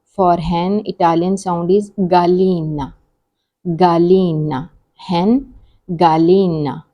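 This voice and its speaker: Woman slowly drilling vocabulary. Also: on the low side, fairly even intonation, muffled recording. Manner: repeats each word slowly and carefully. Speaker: language teacher. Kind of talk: slow vocabulary lesson with repetition.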